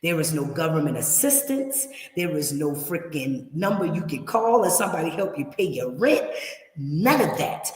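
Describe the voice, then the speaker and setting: A woman's voice: deep voice, sing-song, normal speed. A woman hosting a livestream of relocation advice, warning viewers in an emphatic, straight-talking way and repeating her points. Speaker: relocation services host. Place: her home in Kenya. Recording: roomy echo.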